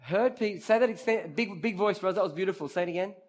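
Talking fast in a high-pitched voice, a preacher leads a youth group through an interactive sermon. He is lively and speaks directly to the crowd, addressing listeners by name and repeating key phrases.

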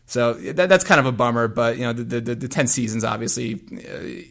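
A man's voice: mid-range voice, fairly quick, creaky, a bit bright. A man hosting a podcast, chatting casually about music in long, meandering sentences. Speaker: podcast host.

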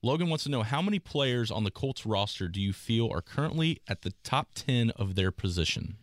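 A man co-hosting a casual sports podcast, reading out listener questions in a steady way. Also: medium pitch, fairly quick, no room sound, studio quality.

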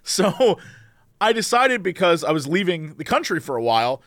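A young man co-hosting a casual podcast, telling comic stories and doing quick impressions of the people he quotes. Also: high-pitched, sing-song, fairly bright tone, no room sound, clean studio sound. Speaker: podcast co-host.

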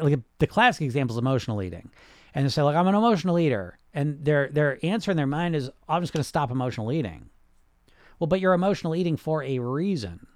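The recording is clean studio sound with no room echo, and the man's voice sits a little high. He's a podcast host and weight loss hypnotist coaching casually, reading out viewer comments, often restarting his sentences and ending them with "right?".

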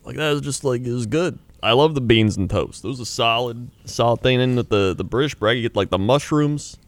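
A man's voice: mid-range voice, brisk, dry recording. A man in casual chat, easygoing and reacting to his co-host.

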